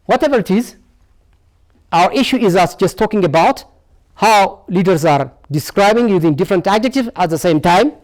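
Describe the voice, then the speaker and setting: An English teacher from Ethiopia leads a classroom lesson broadcast on TV, repeating every word over and over and posing rhetorical questions like "what?" He speaks expressively at a moderate pace in a high voice.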